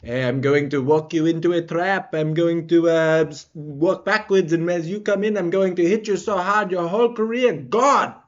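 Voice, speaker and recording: A man voicing a calm male fighter with a put-on French accent, making halting threats. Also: on the high side, highs cut off, natural voice. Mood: menacing.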